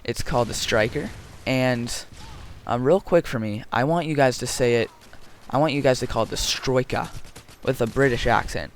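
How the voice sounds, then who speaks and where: A gaming commentator with a mid-range voice rambles through casual gameplay commentary at a moderate pace, cracking jokes, wandering off on tangents, and filling gaps with plenty of ums. There's a little hiss or hum in the recording.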